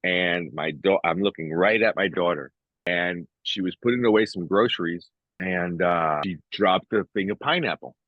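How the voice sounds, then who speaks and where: A man with a low voice tells a story in an animated way and turns to the listener as he goes. His mic sounds dull and dry, with no room echo. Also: normal speed. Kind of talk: casual chat.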